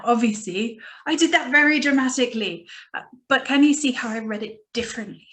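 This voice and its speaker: Encouraging woman teacher, slightly high voice. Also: animated. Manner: encouraging, slow dramatic poem reading. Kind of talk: recorded lesson with poem readings.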